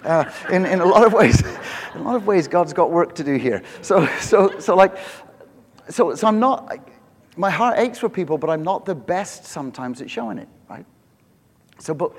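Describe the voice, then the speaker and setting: Joking pastor in a reverberant church. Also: male voice, on the high side, lively intonation, normal speed, breathy edge. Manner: conversational and joking, self-mocking. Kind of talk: sermon.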